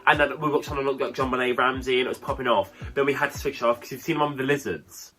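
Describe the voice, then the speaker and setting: A man's voice: fairly even intonation, fast talker, pushed and bright. A man co-hosting a casual chat podcast, with a nasal voice and a camp, playful delivery. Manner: camp and playful, pitch swooping up and down. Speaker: podcast co-host.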